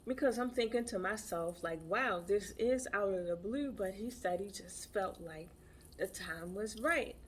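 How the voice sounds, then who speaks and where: A woman's voice: mid-range voice, normal speed, few pauses, slight background noise. A woman who practices tantra, telling a personal story in a chatty, emphatic way and repeating her phrases. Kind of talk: casual storytelling.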